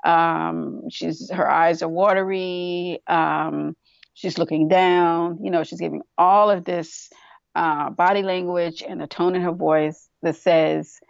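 Woman co-host with a low, gravelly voice, chatty and filler-heavy, on a dry, slightly muffled recording. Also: steady tone, slow pace, no echo. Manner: chatty, many fillers, acts out quoted voices. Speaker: podcast co-host. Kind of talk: casual discussion.

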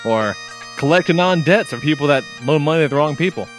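A man's voice: on the high side, expressive, fast talker, faint music behind. A young man hosting a podcast, telling a game story in casual chat, swearing and acting out quotes. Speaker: podcast host.

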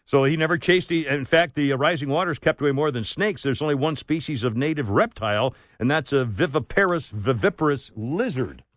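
A man's voice: a little high, animated, brisk, few pauses, a bit bright, no room sound. A man hosting a talk radio show, chatting casually and rambling with asides and restarts. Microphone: studio microphone.

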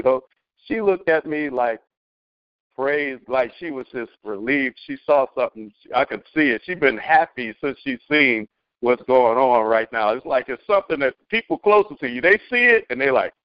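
A middle-aged man on a community call, telling a story as a testimony, animated, with many restarts. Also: fairly high pitch, smooth, no echo, highs cut off. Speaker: caller sharing a testimony. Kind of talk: casual spoken testimony.

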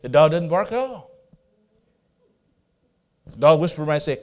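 A man preaching a sermon in a somewhat high voice, bold and emphatic. He drops into soft asides between his loud declarations and speaks straight to his congregation. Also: lively intonation, moderate pace, dull audio. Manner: laughs at himself, talks to the congregation. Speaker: pastor.

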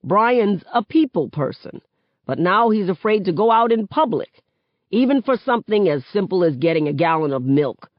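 A woman's voice: mid-range voice, animated, normal speed, dry recording, dull audio, close to an everyday voice. A woman reading aloud, voicing a middle-aged father who earnestly complains about his family's hardship. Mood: aggrieved.

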